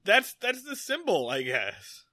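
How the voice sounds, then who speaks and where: Lively, bright-voiced man retelling a plot. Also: high voice, unhurried, dry recording, clean studio sound. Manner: storytelling, acts out character lines. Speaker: podcast co-host. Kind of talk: casual recap chat.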